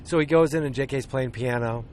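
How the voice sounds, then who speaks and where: A man's voice: mid-range voice, brisk, a little mellow, a little hiss or hum. A man hosting a podcast, casually recapping a film in a rambling, hesitant way, full of ums and restarts, and acting out the quoted lines. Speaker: podcast host.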